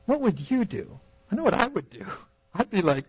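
Young male preacher, storyteller, bright high voice with big swings, dry close sound. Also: unhurried, no echo, highs cut off. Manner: storytelling, animated, acts out reactions with laughs. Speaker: youth conference speaker. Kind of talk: preaching a sermon.

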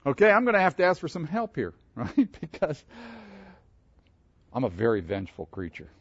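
Animated preacher man, muffled sound. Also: fairly high pitch, normal speed, breathy edge, no room sound. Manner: animated, asks the room questions. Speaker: pastor. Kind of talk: interactive sermon with congregation.

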